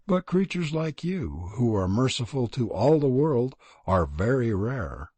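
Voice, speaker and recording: A man reading a storybook, voicing a resigned young serpent prince in an earnest, solemn way with a husky voice. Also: medium pitch, sing-song, measured pace, warm tone, dry recording.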